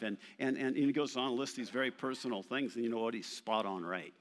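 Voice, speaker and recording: A man preaches a sermon with animated emphasis, shifting between rising declarations and playful asides. His voice sits at an ordinary middle pitch. The recording carries the long reverb of a big hall. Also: fast talker, few pauses. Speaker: pastor.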